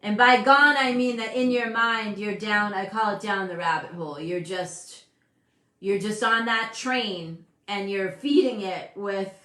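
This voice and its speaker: A woman in her fifties hosting a casual motivational talk, animated and emphatic, often breaking off mid-sentence. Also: mid-range voice, a little slow. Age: 50s. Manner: animated, emphatic, self-interrupting. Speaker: host. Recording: echoey room.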